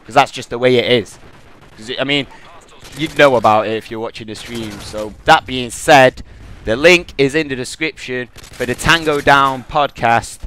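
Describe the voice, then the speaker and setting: Over gunfire from the game, this young gaming podcast host rambles and trash-talks through his gameplay with plenty of banter. He speaks at a moderate pace in a medium-pitched, sharp-toned voice, with slight background noise.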